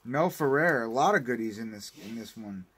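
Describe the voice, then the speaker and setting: A man's voice: mid-range voice, lively intonation, brisk, fairly bright tone, breathy edge. A man giving a casual unboxing review of home video releases, rambling and ranting with plenty of swearing. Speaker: home video collector vlogger.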